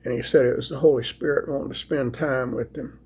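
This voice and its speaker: Sleepy man, husky voice, folksy rambling scripture reader. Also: medium pitch, steady tone, darkish tone. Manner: slow, folksy, rambling with restarts. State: sleepy, yawning. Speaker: video host sharing scripture. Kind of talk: casual devotional talk and Bible reading.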